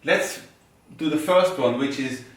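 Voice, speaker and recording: A man's voice: on the high side, a little slow, fairly bright tone. A man giving a rhythm lesson, patiently explaining step by step and chanting rhythm syllables in time. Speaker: rhythm teacher. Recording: very echoey room, mic far off.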